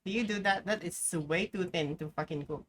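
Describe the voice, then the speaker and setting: A woman's voice: on the low side, a little fast, fairly bright tone, slight background noise. A young adult woman streaming live, chatting casually over gameplay, rambling, swearing freely and breaking into sudden outbursts.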